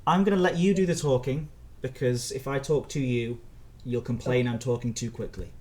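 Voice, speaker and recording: A man hosting a casual livestream as community manager, bubbly and rambling with quick bursts of speech. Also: mid-range voice, a little mellow.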